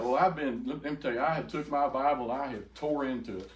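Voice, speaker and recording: An older man telling an emotional personal testimony to a group, halting and repeating words as he goes. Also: medium pitch. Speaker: speaker giving a testimony. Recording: echoey room, faint noise.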